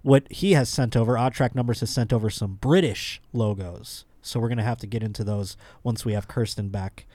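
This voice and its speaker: A man's voice: lowish voice, a little fast, hardly any pauses, dark tone, no room sound. A man hosting a comedy podcast, rambling through news stories with crude jokes. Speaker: podcast host. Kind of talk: casual comedic chat.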